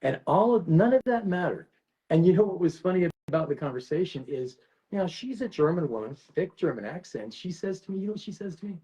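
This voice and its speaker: A man's voice: high voice, lively intonation, fast, warm tone, rough recording. Rambling man hosting a livestream. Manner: rambling, emotional, restarts often. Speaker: livestream host. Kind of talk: casual livestream chat.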